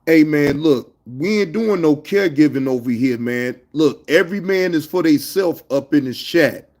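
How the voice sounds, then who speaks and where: A man's voice: fairly high pitch, animated, moderate pace, a little mellow. A man hosting a casual livestream, talking to his chat in loose slang, scolding viewers and reminiscing. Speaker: livestream host.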